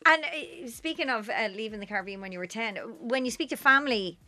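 A woman's voice: a little high, animated, fairly quick, pushed and bright, dry recording. A woman hosting a panel chat, prompting guests with questions and laughing often. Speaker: host.

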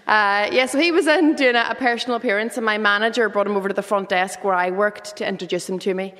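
Woman, Derry accent, thirties, stand-up comic, fairly high voice, long reverb. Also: quick pace, few pauses. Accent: Northern Irish (Derry). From Northern Ireland. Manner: lively, punchy joke delivery. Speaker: comedian guest. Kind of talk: stand-up comedy set.

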